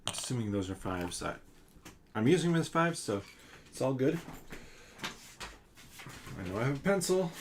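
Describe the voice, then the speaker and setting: A man's voice: mid-range voice, sing-song, measured pace, long pauses, slight background noise. A man hosting a solo board game playthrough, thinking aloud and counting out damage and cards. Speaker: board game channel host.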